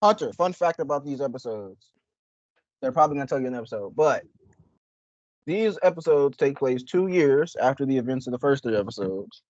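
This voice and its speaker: Young man, reaction co-host, joking, rambling, mid pitch, dry dull sound. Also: lively intonation, brisk, dry recording. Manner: joking, loud laughs, rambling asides. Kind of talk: casual reaction chat.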